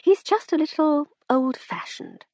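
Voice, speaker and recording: A woman's voice: sits high, measured pace, darkish tone, no room sound, studio quality, voice pushed up. A woman reading an audiobook, voicing a witty aristocratic lady with a breezy, teasing upper-class manner.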